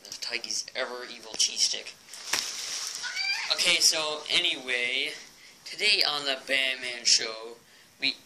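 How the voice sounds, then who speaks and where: A man's voice: mid-range voice, expressive, unhurried, pauses often, a little hiss or hum, poor audio. A young man hosting a homemade toy show, goofy and rambling as he chats to his plush characters. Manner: goofy, rambling, talks to toys. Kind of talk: playful homemade video hosting. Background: loud music.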